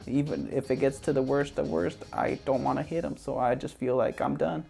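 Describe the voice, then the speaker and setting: A man's voice: medium pitch, a little fast, gravelly, warm tone, faint music behind, pitched above the performer's own voice. A man voicing a tearful, heartbroken middle-aged wrestler who pleads in a choked-up way.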